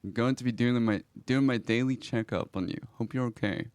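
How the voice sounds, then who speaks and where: A man streaming a roleplay game, reading in-game messages aloud slowly and reacting to them in a quiet, reflective way, with sighs between lines. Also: mid-range voice, no echo.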